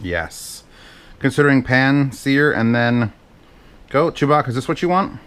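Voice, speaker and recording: A man's voice: mid-range voice, lively intonation, measured pace, fairly bright tone, clean tone. A man chatting casually and rambling with profane, self-mocking asides while he cooks in his home kitchen. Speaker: cooking vlogger. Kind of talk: casual cooking vlog chat.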